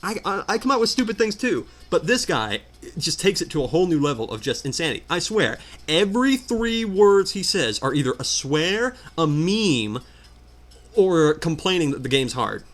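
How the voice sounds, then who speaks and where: A man's voice: on the high side, very animated, moderate pace, fairly bright tone. A man ranting in exasperated commentary while playing a video game. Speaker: let's player. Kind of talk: ranting commentary over gameplay.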